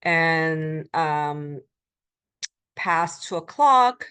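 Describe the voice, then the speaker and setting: Woman teaching Korean, lower-pitched. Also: animated, pushed and bright, clear, resonant tone. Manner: explanatory, repeats Korean phrases slowly for learners; frequent ums and uhs. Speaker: Korean language instructor. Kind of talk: recorded college lecture.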